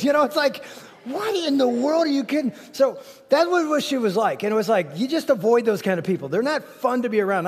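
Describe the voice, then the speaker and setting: High-voiced, joking male pastor in a big hall. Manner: animated, joking, competitive banter with the crowd. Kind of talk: sermon with personal storytelling. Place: large church auditorium. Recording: long reverb of a large church hall.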